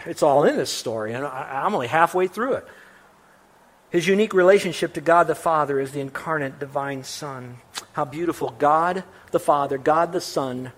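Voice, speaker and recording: A pastor delivers a sermon in an animated, emphatic way, with a man's voice that sits a little high. He lifts his voice sharply on quoted lines and lowers it for dry asides to the people in front of him. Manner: emphatic and animated, voice rising on quotations; wry asides to the congregation.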